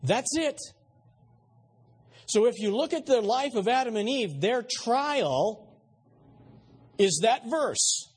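A male pastor delivers a sermon in a high, husky voice with wide swings in pitch. He is emphatic, often turning to ask his listeners questions and stumbling over repeated words. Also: expressive, slow pace, pauses often.

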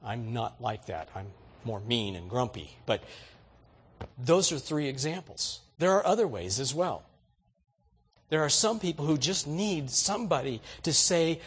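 A man's voice: mid-range voice, lively intonation, a little slow, slightly rough. A man preaching a sermon, telling everyday stories in a folksy, exhorting way. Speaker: pastor.

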